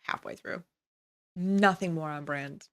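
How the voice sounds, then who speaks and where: A woman's voice: low voice, a little slow. A woman streamer reacting to a documentary, making sarcastic jokes and asides in a casual chat style. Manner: sarcastic, joking asides with laughs.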